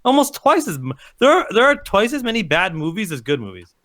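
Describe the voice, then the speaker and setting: A man's voice: high-pitched, very animated, a little fast, a bit bright. A man co-hosting a casual podcast chat, ranting with heat and plenty of swearing. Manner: heated, ranting, profane.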